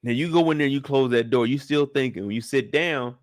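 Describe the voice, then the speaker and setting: A man hosting a casual live chat, telling the story in an animated way with plenty of cursing. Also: medium pitch, brisk, no room sound, studio quality. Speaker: show host recapping a TV episode.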